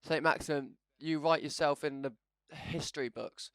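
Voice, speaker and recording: Gravelly man commentating a video game. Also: on the high side, normal speed, no echo, clean studio sound. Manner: chatty and self-mocking, swings into loud excitement. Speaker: gaming channel host. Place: home setup, no camera.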